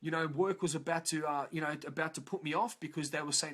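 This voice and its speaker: A man's voice: on the high side, steady tone, fast, fairly bright tone. A man, a motivational speaker, telling a blunt and profane personal story to an audience.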